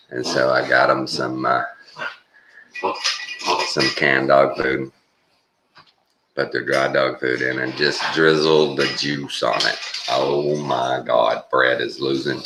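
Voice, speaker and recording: Older texan man, very low voice, folksy morning vlog chatter, noisy background. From Texas. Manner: folksy, rambling, chuckles often. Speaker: vlogger.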